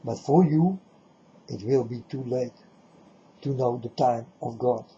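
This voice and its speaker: Slow, preachy man. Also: mid-range voice, dark tone. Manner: emphatic, repetitive rhetorical questions to the viewer. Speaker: religious video preacher. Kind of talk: preachy monologue to camera. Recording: dull lo-fi recording.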